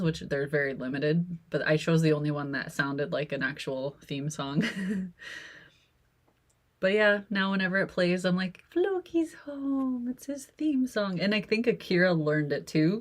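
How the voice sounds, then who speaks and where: A woman who hosts an art channel, chatting casually and laughing often as she sketches in her home office. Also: low-pitched. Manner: giggly, rambling, with frequent laughs. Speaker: artist and video host. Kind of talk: casual chat while sketching.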